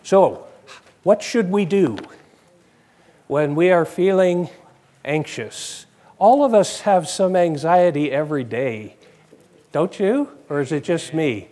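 Guy preaching in church, lively up-and-down voice, takes his time, keeps asking the crowd stuff. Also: on the high side, slow pace, long pauses. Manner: conversational, asks the congregation questions. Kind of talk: sermon.

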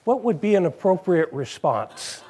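A man's voice: sits high, big pitch swings, a little slow, dark tone, slightly rough. A married man preaching a sermon in a conversational way, repeating phrases and putting questions to the congregation.

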